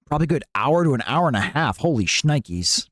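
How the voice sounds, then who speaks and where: A man's voice: medium pitch, very animated, a little fast, a bit bright, dry recording, studio quality. Playful man chatting on a live stream. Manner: playful, jokey, laughs often, reads and answers chat. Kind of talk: casual live-stream chat with viewers.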